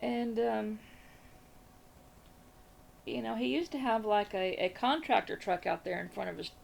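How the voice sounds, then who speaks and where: Gravelly-voiced Southern woman telling a story. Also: mid-range voice, unhurried, a little hiss or hum. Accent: Southern American. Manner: rambling, chatty, repeats phrases. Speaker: crafting vlogger. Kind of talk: casual storytelling chat.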